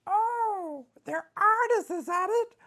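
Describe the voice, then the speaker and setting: A woman voicing an angry, boastful male wrestler in a comedy sketch interview, ranting and repeating herself with slow, heavy emphasis. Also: extremely high pitch, lively intonation, a bit bright, heavily acted.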